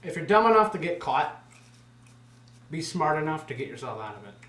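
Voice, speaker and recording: A man's voice: on the high side, brisk. A man in his twenties telling a story casually and with a lot of swearing, acting out what other people said. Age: 20s. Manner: animated, profane, acts out other people's lines. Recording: echoey room.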